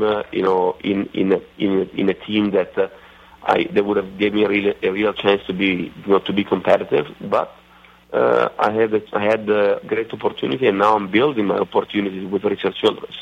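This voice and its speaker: A man with an Italian accent, a racing driver guest on a radio interview, talking haltingly with many fillers and restarts. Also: fairly low pitch, creaky. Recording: dull lo-fi radio audio.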